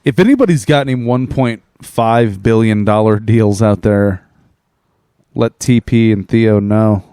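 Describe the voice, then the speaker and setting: A man's voice: on the low side, a little slow, mellow, clean tone, no room sound, studio quality. A man co-hosting a podcast, chiming in with blunt, mocking quips. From Iowa. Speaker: podcast co-host. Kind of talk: casual political chat.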